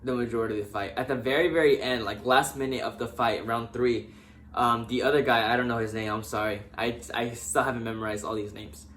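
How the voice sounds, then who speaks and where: Young dude hyped up about the fights, talks right at the fighters, mid pitch, bit of hiss behind him. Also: male voice, a little fast. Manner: excitable, talks directly to fighters. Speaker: MMA fan vlogger. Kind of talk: casual fight recap.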